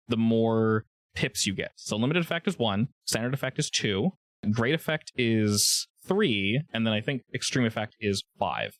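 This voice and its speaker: A man's voice: on the low side, fairly bright tone, no echo. A man running a tabletop role-playing game as game master, explaining rules casually with fillers.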